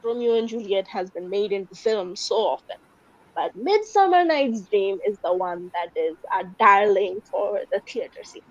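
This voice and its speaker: A woman's voice: medium pitch, expressive, moderate pace. A woman with a Bangladeshi English accent giving a university English lecture, explaining steadily with occasional filler ums. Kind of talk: recorded classroom lecture. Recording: dull lo-fi lecture recording.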